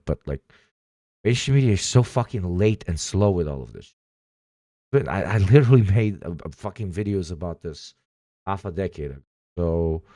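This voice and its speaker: A man's voice: sits low, a little mellow, no echo, clean studio sound. A man livestreaming, chatting casually with his viewers in a profane, sarcastic way.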